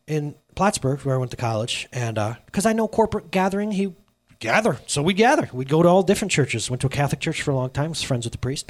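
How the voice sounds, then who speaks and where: A man in his thirties, a pastor giving a lively sermon, acting out stories in quoted dialogue. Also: mid-range voice. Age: 30s. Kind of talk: sermon with storytelling. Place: church sanctuary.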